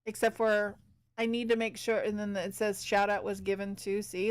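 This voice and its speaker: A woman streamer chatting casually as she paints. Her voice is smooth and clear, and she keeps up an easy back-and-forth with her viewers while she works. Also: mid-range voice, little pitch movement, normal speed. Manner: chatty, talks to chat while working.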